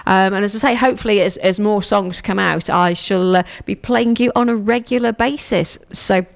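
A woman's voice: mid-range voice, normal speed, vocal fry. A middle-aged woman hosting a radio show in the studio, chatting in a rambling way that often repeats itself and restarts. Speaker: radio host. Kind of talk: casual radio chat.

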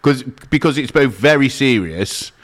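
A man's voice: mid-range voice, expressive, moderate pace. Chuckling, rambling man on the radio. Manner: laughing, rambling storyteller. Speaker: radio co-host. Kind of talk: casual radio banter.

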